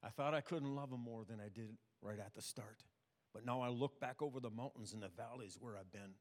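An older man preaching a sermon, telling personal stories in a plain, halting way. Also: medium pitch. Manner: plain, halting testimony with restarts. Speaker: pastor. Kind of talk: storytelling sermon. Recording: long reverb of a hall.

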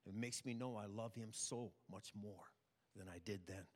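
An older man preaching a sermon, telling personal stories in a plain, halting way. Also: on the low side, fairly even intonation, a little mellow. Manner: plain, halting testimony with restarts. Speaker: pastor. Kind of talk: storytelling sermon. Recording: long reverb of a hall.

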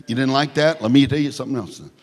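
A male pastor preaching a sermon, swinging from shouted lines to hushed near-whispers with joking asides. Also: medium pitch, quick pace, in a large hall.

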